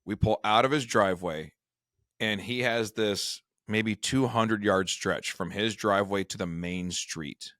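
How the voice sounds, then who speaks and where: A man's voice: fairly low pitch, unhurried, fairly bright tone, no echo, clean studio sound. A middle-aged man hosting a retirement show, telling a chatty, self-deprecating story in a casual conversation. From Michigan. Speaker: retirement advisor and show host.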